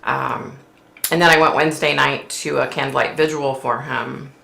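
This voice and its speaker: A woman's voice: extremely low pitch, fairly even intonation, moderate pace, creaky, sharp tone, roomy sound, a little hiss or hum. A woman hosting a casual live stream, chatting with viewers and reading their comments aloud, with lots of "like" and "you know.". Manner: chatty, says "like" and "you know" a lot, reads out chat messages. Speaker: livestream host, psychic.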